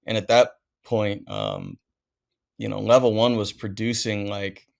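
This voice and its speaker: A man's voice: lowish voice, big pitch swings, unhurried, vocal fry. A man in his thirties, a pro skier guesting on a podcast, telling stories in a laid-back way full of "like" and "dude.". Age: 30s. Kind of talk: casual storytelling chat.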